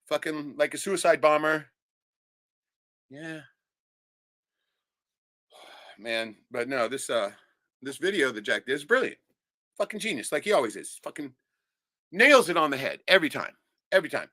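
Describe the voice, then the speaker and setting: A man ranting furiously on his livestream, cursing in nearly every sentence. His pitch swings widely as he talks, and his voice is bright and sharp. The sound is dry and close. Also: big pitch swings, normal speed, long pauses, no room sound. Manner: heated, profane, swears constantly. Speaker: livestream host. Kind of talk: angry ranting monologue.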